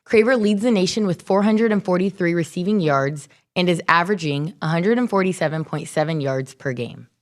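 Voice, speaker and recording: Low-voiced woman reading sports updates. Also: brisk, hardly any pauses. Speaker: news and social media update reader.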